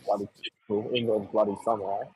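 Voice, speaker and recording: A man's voice: fairly low pitch, level tone, racing, noisy background. Brash teasing man. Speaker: stream co-host. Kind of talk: casual live-stream banter.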